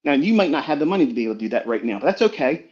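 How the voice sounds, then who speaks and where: A man's voice: medium pitch, big pitch swings, racing, a little mellow. Profane preachy man, muffled stream. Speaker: trading mentor. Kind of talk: motivational talk on a live audio stream. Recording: dull lo-fi online stream audio.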